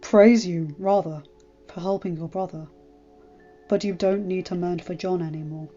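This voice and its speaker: A woman voicing a stern, grave lord and father who speaks in a measured, firm way. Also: fairly low pitch, fairly even intonation, dark tone, dull audio, soft background music, natural voice.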